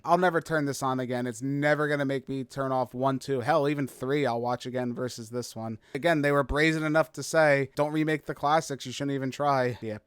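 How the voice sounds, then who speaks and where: A man's voice: medium pitch, clean tone, no echo, studio quality. A man co-hosting a movie review show, blunt and exasperated as he picks the film apart. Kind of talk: casual review chat.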